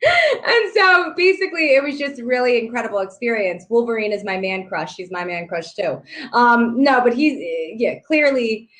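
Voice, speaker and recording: Woman, fairly high voice, excitable, animated, laughs often, casual chat. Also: normal speed, slight background noise. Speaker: guest.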